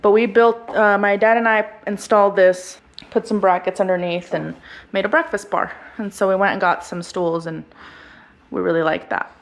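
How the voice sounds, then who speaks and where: A woman's voice: mid-range voice, steady tone, normal speed. A woman family vlogger giving a chatty, casual tour of her house and explaining each room. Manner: chatty, explaining as she walks.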